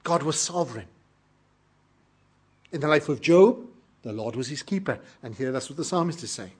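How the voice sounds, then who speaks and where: British guy preaching, husky voice a bit on the high side, earnest, hits some lines hard. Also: expressive, moderate pace. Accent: British English. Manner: earnest, emphatic preaching with sudden loud peaks. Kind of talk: sermon.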